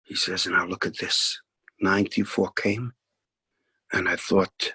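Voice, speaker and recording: Slow, husky male storyteller. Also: deep voice, level tone, pushed and bright, dry recording. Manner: unhurried, reenacts dialogue, drops to near whisper at tender moments. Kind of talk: spoken storytelling.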